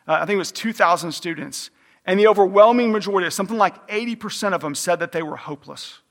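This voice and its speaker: Emphatic high-voiced male preacher. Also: fast, big-room sound. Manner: emphatic, repeats phrases for stress. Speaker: pastor. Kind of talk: sermon.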